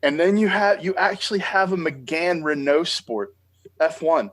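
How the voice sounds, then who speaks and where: A man with an American accent hosting a podcast, telling stories in an excitable, animated way. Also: a little high, measured pace. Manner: excitable, animated storytelling with laughs. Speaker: podcast host. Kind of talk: enthusiastic interview chat.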